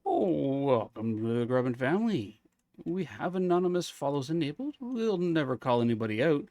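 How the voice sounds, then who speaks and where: A man's voice: fairly high pitch, sing-song, moderate pace, mellow, dry recording. A man streaming a ghost-hunting game live, thinking aloud and chatting in a friendly way with his viewers.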